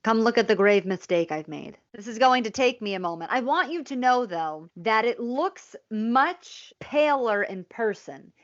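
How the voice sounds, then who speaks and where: A playful, theatrical woman chats through a beer review, her voice sitting a little high. The audio is dull and lo-fi, the way a video call sounds. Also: expressive, a little slow, few pauses. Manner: playful, theatrical, fond of mock-dramatic lines. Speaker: co-host of a beer review show. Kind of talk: casual chat over a video call. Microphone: video call setup.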